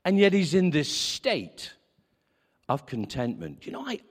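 A male preacher delivering a conversational sermon, acting out quoted dialogue with animated swings. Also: fairly high pitch, a little slow, slightly rough. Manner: lively, conversational, acts out quotes. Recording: reverberant hall.

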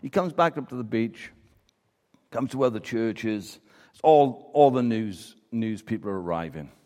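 A man's voice: medium pitch, lively intonation, normal speed, mellow. A man preaching a sermon and telling a story, acting out the voices of the people in it. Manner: storytelling, acts out quoted voices. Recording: preaching in a reverberant hall.

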